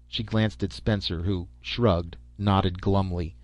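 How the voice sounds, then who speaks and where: A man reading a short story aloud as narrator, steady and even. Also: low voice, takes it slowly, no room sound. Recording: dull lo-fi recording.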